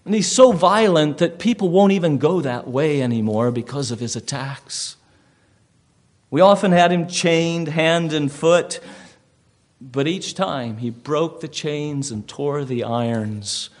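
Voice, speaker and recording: A man's voice: fairly high pitch, lively intonation, a little slow, a little mellow. A preacher playing a wary local male host who grimly tells of a dangerous neighbor.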